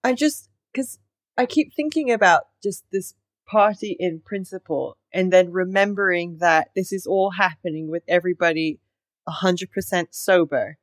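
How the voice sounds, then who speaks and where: A woman's voice: fairly low pitch, moderate pace, no room sound. A woman co-hosting a podcast in casual chat, chatty and reflective with playful asides. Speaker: podcast co-host.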